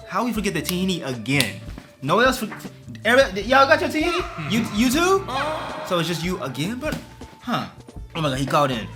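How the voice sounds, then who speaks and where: A man's voice: a little high, sing-song, brisk, over music. A young man telling a storytime rant in a casual, profane, slangy way. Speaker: vlogger.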